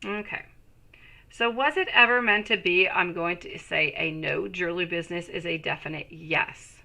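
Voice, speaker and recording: A woman's voice: fairly low pitch, normal speed, vocal fry, pushed and bright. A woman giving live tarot readings to viewers, reassuring and calling them sweetie. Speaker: tarot reader.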